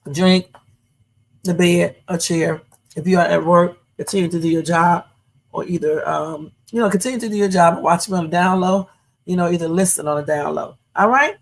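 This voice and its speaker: Chatty woman hosting a livestream, gravelly. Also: fairly low pitch, steady tone, brisk. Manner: chatty, addresses viewers as y'all. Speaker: livestream host. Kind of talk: casual livestream commentary. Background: faint music.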